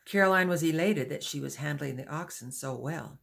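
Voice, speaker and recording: Give me a woman reading an audiobook in a measured storytelling voice, a little gravelly. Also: sits low, fairly bright tone. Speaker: audiobook narrator. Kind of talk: audiobook narration.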